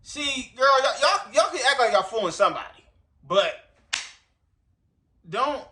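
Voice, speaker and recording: A man's voice: very high voice, sing-song, measured pace, sharp tone. A man doing casual reaction commentary to camera, rambling and profane, talking straight to his viewers. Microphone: recording himself on camera.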